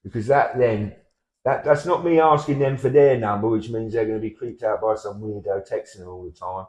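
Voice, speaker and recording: A man in his fifties with a Portsmouth English accent, trading deadpan comic chat and stumbling self-deprecatingly over his words. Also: on the low side, fairly quick, roomy sound. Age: 50s. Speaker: comedy double-act partner.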